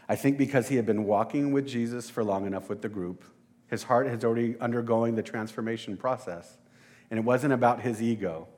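A man's voice: fairly low pitch, a little mellow. A man preaching a casual sermon, talking conversationally and with some self-deprecation, and addressing the congregation directly.

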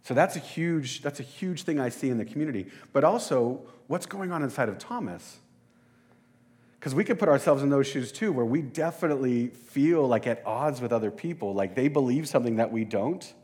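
Male preacher, mid-pitched voice, casual conversational sermon delivery, speaks directly to the congregation. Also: lively intonation, a little fast, darkish tone. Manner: conversational, self-deprecating, addresses listeners as "you guys".

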